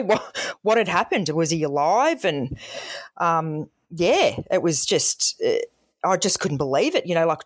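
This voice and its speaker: A woman's voice: low voice, no echo, clean studio sound. A woman with an Australian accent, a former emergency call operator, frankly recounting calls in a podcast interview. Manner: frank storytelling, acts out callers' voices.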